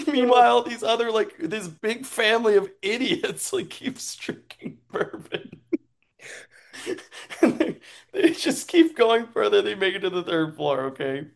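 A man's voice: high voice, expressive, slow, gravelly. A man casually telling an improvised story, chatty and laughing often, checking in with his listener.

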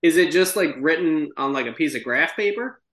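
A man's voice: on the high side, lively intonation, brisk, fairly bright tone. A man co-hosting a podcast, interrupting a story with confused questions in casual comedy banter. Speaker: podcast co-host.

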